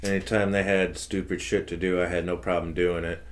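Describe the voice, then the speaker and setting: A man's voice: low voice, level tone, fairly quick. A man telling a rambling, profane work story in casual podcast chat. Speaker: podcast co-host.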